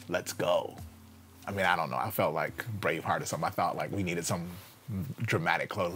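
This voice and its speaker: A man who is a pastor, telling a story in a lively, dramatic way and dropping to a quiet intensity for his point. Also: low voice, brisk, over music. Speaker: pastor and speaker. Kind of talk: animated storytelling talk.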